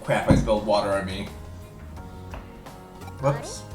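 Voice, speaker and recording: A woman's voice: rumbling low, unhurried, roomy sound, recorded from a distance, faint music behind. A woman streamer making casual, self-deprecating asides during a game playthrough. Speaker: game streamer reading dialogue. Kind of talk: let's play commentary.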